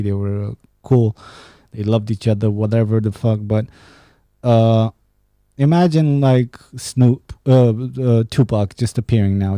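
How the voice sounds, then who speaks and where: A man's voice: mid-range voice, mellow, no echo, clean studio sound. A young man hosting a casual solo podcast, rambling and swearing, laughing at his own jokes. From Romania. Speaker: podcast host. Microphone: studio podcast mic.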